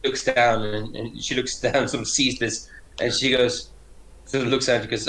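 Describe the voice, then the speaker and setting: A man narrating as game master in a tabletop game, relaxed and rambling, often correcting himself mid-sentence. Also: medium pitch, moderate pace, rough recording.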